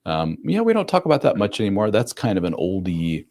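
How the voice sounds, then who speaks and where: A man's voice: lowish voice, wildly swooping pitch, a little mellow. A man hosting a live advice stream, talking bluntly and conversationally with mild swearing, often acting out what other people say. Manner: acts out other people's lines in quick voices.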